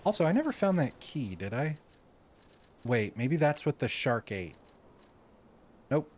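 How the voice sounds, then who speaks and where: A man's voice: mid-range voice, sing-song, a little slow, a little mellow, a little hiss or hum. A man from the Southern United States streaming a video game and chatting casually, exclaiming at the game and often restarting his sentences. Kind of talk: casual gaming stream chat.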